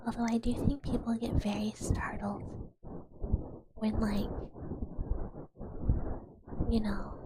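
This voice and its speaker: A woman streaming ASMR in whispered role-play, rambling in a soft, self-deprecating whisper. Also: a little high, level tone, takes it slowly, pauses often, heavy background noise.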